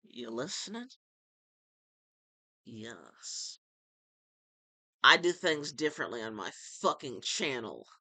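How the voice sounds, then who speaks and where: A man in his late twenties doing a profane, erratic comedy vlog in the style of a well-known internet character, with shouting bursts. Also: medium pitch, very animated, moderate pace, few pauses, no echo. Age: 20s. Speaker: amateur comedy YouTuber. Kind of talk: crude ranting comedy vlog.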